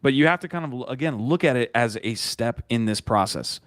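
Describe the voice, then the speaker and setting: A man's voice: medium pitch, expressive, brisk, a bit bright, dry recording. A man hosting a casual podcast who rambles, restarts his sentences and laughs as he talks. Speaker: podcast host. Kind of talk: casual chat.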